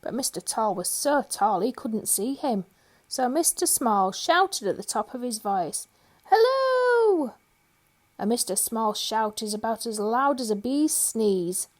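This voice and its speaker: A woman storyteller reading a children's picture book aloud, gentle and expressive. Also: on the high side, measured pace.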